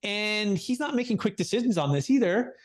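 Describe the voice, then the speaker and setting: A young adult man, a capital gains tax advisor appearing as a podcast guest, tells a story about a client. His voice is high-pitched and fairly quick, and he's an animated storyteller who acts out quotes and uses lots of fillers.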